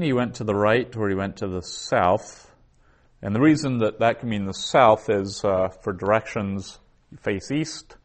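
A man lecturing to a class, with a lowish voice. He talks slowly and deliberately, saying each word and repeating it before he explains it. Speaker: Biblical Hebrew teacher.

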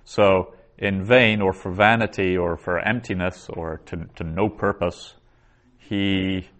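A man giving a methodical grammar lecture, pausing to sound out Hebrew phrases slowly. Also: low voice, fairly even intonation, fairly bright tone. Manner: slow, methodical, reads Hebrew aloud syllable by syllable. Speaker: biblical Hebrew teacher.

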